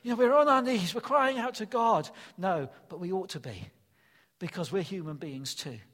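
Older guy preaching, high voice, really lively ups and downs, keeps repeating stuff. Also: moderate pace, big-room sound. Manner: earnest, emphatic, repeats key phrases. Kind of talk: sermon.

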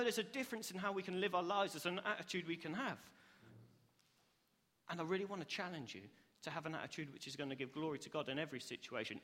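A man's voice: high-pitched, pushed and bright. A young man preaching a sermon in a church hall, earnest and upbeat, acting out the reactions he describes. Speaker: preacher, cell group leader. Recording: long hall reverb.

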